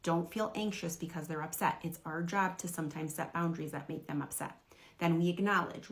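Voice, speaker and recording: A woman's voice: lowish voice, steady tone, fairly quick. A woman who works as a parenting coach, giving direct, earnest advice to camera.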